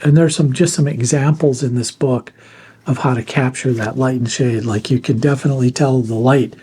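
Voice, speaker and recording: A man's voice: mid-range voice, moderate pace, breathy edge. A man hosting an art channel, talking casually and plainly through books he recommends, with frequent fillers and restarts. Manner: relaxed, plain-spoken, many fillers and restarts. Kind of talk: casual instructional talk.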